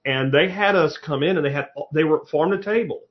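A man in casual conversation, telling stories with lively energy and the odd curse word. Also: a little high, brisk. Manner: animated storyteller, swears casually. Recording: slightly muffled lo-fi audio.

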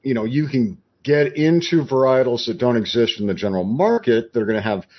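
A man as a podcast guest, explaining his approach in a measured, conversational way. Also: mid-range voice, expressive, breathy edge, lo-fi sound.

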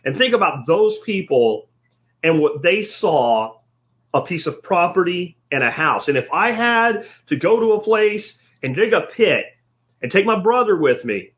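A man's voice: sits high, sing-song, a little slow, lo-fi sound. A man hosting a solo podcast, talking bluntly and casually, swearing now and then and often restarting his sentences. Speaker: podcast host.

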